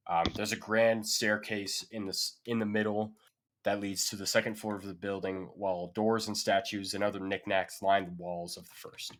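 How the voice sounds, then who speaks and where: A man's voice: on the low side, flat delivery, moderate pace, fairly bright tone. A man narrating a tabletop game as game master, casual and full of fillers. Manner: casual, loose descriptions with many fillers.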